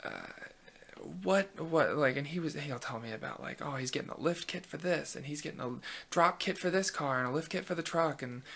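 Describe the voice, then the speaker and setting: Brief: young male host, twenties, gravelly fry, bright tone, chatty and filler-heavy. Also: fairly high pitch, fairly quick. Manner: chatty, many fillers and restarts, animated storytelling. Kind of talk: casual rambling chat.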